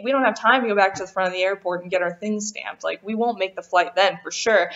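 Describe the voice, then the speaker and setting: Animated young woman telling a story. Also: fairly high pitch. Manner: animated, quotes people in quick voices. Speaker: vlogger. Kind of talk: casual storytime. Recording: dull lo-fi sound.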